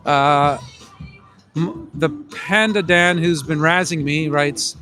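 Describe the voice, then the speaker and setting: Male activist streamer, projecting outdoor voice, high and bright, light music in the background. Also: takes it slowly. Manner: calls out to passers-by, loud projecting voice. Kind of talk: outdoor live stream commentary. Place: outdoors in a busy public plaza. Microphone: handheld phone mic. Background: music from outdoor speakers.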